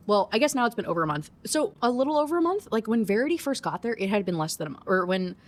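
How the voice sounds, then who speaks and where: Animated woman ranting about a book. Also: mid-range voice, fast talker. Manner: animated, swearing, laughing. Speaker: book reviewer. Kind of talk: casual rant review.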